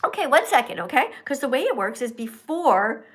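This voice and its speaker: Animated woman hosting a livestream. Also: high voice, brisk. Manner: animated, coaxing, talks straight to viewers. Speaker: livestream host. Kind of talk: live-stream chat reading donations.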